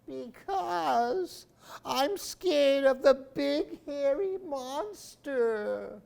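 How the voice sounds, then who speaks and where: A man doing a tiny crying owl, squeaky and high. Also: expressive, gravelly, a little mellow, heavily acted. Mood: frightened. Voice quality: high wailing. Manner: drawn-out, squeaky. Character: small scared owl hiding in a tree, crying.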